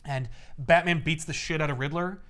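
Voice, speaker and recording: A man casually recapping a comic book story as a podcast co-host, an animated storyteller with quick asides. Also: fairly high pitch, clear, resonant tone.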